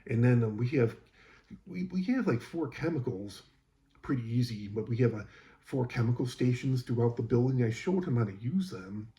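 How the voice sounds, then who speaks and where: A man's voice: medium pitch, expressive, normal speed, warm tone. A man who works as a school custodian, casually telling an exasperated, rambling story about a coworker, with lots of fillers.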